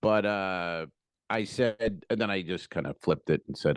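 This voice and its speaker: A man co-hosting a comedy podcast, telling profane, jokey stand-up stories in a casual, animated way. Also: deep voice, unhurried, clean tone, no room sound. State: feeling unwell.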